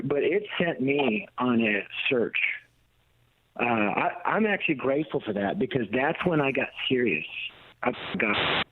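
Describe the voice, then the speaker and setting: A man's voice: medium pitch, expressive, normal speed. A middle-aged American man calling in as a radio guest, telling his family story in an emphatic, blunt way with a preacher's cadence. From United States. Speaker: guest, ministry leader and author. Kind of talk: personal testimony on a radio talk show. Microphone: phone call into the studio. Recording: tinny phone line.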